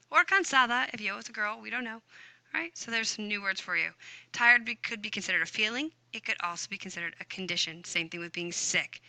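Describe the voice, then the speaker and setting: A woman's voice: medium pitch, pushed and bright, clean tone, dry recording. A woman teaching a recorded grammar lesson, upbeat and chatty, muttering to herself as she types on screen. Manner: upbeat, chatty, talks to herself while typing. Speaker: Spanish teacher.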